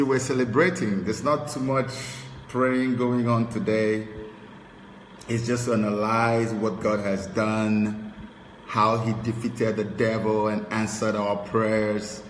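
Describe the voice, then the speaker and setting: A man from Nigeria preaching excitedly, breaking into sung hymn lines and rising loud and high as he mocks his critics. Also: takes it slowly, echoey room, long reverb tail, slight background noise, poor audio. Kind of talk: celebratory preaching to camera.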